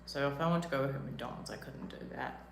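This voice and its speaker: A woman's voice: a bass voice, fast talker, vocal fry, roomy sound, a little hiss or hum. A young woman with a New Zealand accent chatting casually on a live stream, rambling and self-deprecating with lots of "like" fillers. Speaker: livestreamer. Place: rented villa room, indoors.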